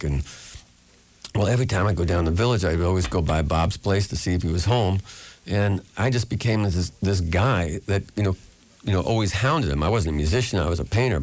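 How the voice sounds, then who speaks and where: A man's voice: deep voice, a little mellow, dry recording. A man from New York, a radio guest, telling long rambling anecdotes and acting out the voices of people he quotes. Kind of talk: storytelling in a radio interview.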